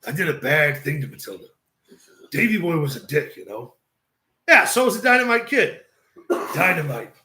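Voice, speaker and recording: A man doing an impression of a gruff, profane veteran wrestler telling road stories in a low, slow drawl. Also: pushed and bright, roomy sound.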